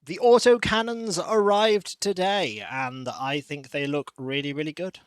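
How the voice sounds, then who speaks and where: Man, streamer, casual chat, coos at his cat, higher voice, dry close mic. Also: steady tone, measured pace, clear, resonant tone, dry recording. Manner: chatty, coos and baby-talks to his cat.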